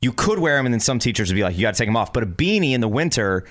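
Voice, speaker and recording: A man co-hosting a radio show, chatting in a lively way. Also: mid-range voice, racing. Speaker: radio co-host. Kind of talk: casual radio banter.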